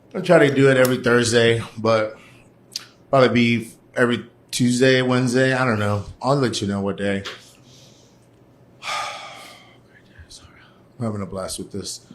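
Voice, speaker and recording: A man from Puerto Rico talks on his live stream in a loose, chatty way, hopping from one topic to the next. His voice sits at an ordinary middle pitch. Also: steady tone, normal speed. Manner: chatty, rambling, jumps between topics. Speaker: host. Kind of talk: casual live-stream chat. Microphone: phone or camera mic on a live stream.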